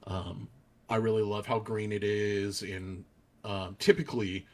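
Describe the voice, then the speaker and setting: A young man hosting a podcast, chatting casually and hesitantly with many pauses. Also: fairly low pitch, fairly even intonation, a little mellow. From United States. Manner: hesitant, many ums and restarts. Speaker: podcast host. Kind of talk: casual chat.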